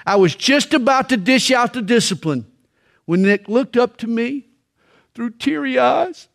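A middle-aged man preaching a sermon on parenting, telling stories with dramatic pauses and slow, weighty emphasis. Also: extremely high pitch, expressive, vocal fry, fairly bright tone. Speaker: pastor.

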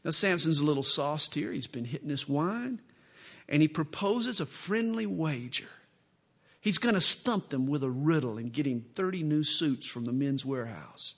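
A man's voice: fairly high pitch, animated, moderate pace. A male preacher teaching from scripture in a folksy, joking, conversational way. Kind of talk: expository sermon with humorous asides.

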